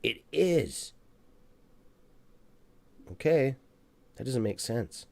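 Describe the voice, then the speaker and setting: A man hosting a live stock-trading stream who talks excitedly as he buys shares, then mutters and swears at his trading app. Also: medium pitch, very slow, gravelly. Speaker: stock trading livestream host. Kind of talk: live market commentary.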